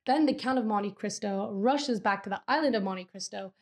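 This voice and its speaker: A woman casually retelling a long novel, talking with lots of "like" and acting out quotes in quick paraphrase. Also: mid-range voice, darkish tone. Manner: chatty, filler-heavy storytelling with "like". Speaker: book vlogger. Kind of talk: casual book recap.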